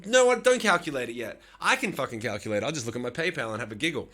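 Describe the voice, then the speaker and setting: A man's voice: medium pitch, sing-song, racing, hardly any pauses, bright, forceful tone. A man hosting a live stream, chatting casually with his viewers, swearing often and teasing them with bursts of laughter.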